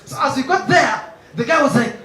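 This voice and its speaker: A man performing a stand-up comedy set on stage, acting out characters with sudden loud high shouts. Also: animated, normal speed, roomy sound, some chatter behind, rough recording. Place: comedy stage before a live audience.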